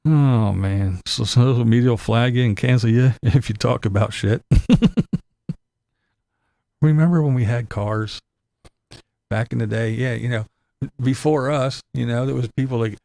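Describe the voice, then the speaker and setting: A man's voice: mid-range voice, unhurried, gravelly, long pauses, dark tone, dry recording. An older man with grandkids, cursing and laughing through a sarcastic rant in his vlog. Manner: profane, sarcastic, laughing often. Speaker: vlogger. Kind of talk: ranting monologue.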